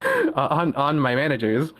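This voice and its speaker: A man's voice: fairly high pitch, wildly swooping pitch, normal speed, fairly bright tone. A young man telling a workplace story in casual chat, often laughing and restarting his sentences. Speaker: guest caller.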